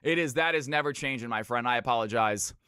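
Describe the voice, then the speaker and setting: A man's voice: medium pitch, quick pace, bright, forceful tone, clean tone, dry recording, studio quality. A man from California hosting a live game stream, commentating picks and greeting viewers by name in an upbeat way. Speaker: streamer casting viewer games.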